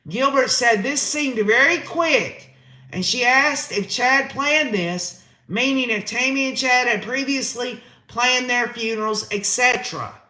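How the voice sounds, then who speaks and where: A man's voice: very high voice, unhurried, sharp tone, roomy sound. A man hosting a live-stream trial recap, reading chat comments aloud and reacting with emotion. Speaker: host.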